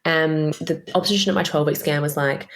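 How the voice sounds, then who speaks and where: Woman, Australian accent, thirties, slightly low voice, candid, casual storytelling, swears freely. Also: steady tone, fast. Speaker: podcast host. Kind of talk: personal storytelling.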